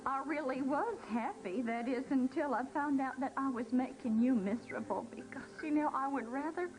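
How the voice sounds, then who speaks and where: A woman's voice: high-pitched, normal speed, close to an everyday voice, low-quality recording. An actress playing a fussy, guilt-tripping older mother-in-law who talks in a wheedling, tearful quaver, in a daytime soap. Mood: self-pitying.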